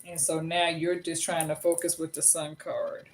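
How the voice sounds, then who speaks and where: A woman's voice: low-pitched, flat delivery, moderate pace, slight background noise. A woman in her fifties giving a casual tarot reading to viewers, talking bluntly and chattily, swearing freely and then apologizing for it. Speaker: tarot reader.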